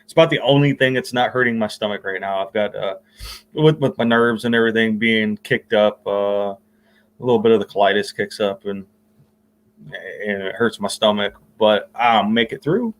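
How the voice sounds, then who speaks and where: A man's voice: fairly low pitch, moderate pace, rough recording. A man hosting a casual podcast chat, easygoing and rambling, with lots of fillers. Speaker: podcast host.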